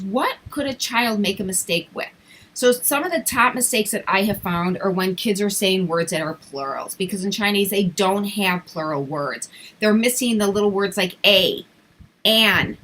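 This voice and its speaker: A woman with a bright, forward voice talks casually through her advice for online English teachers. She slows right down to sound out simple words clearly, the way she would for small children. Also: medium pitch, rough recording. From English-speaking country. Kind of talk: casual teaching tips vlog.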